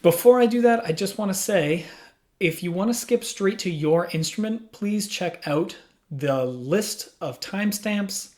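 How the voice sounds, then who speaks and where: A man's voice: sits high, expressive, measured pace, a little mellow. A patient man teaching music. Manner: patient, asks questions then answers them. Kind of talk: instructional explanation. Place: small room. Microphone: studio microphone.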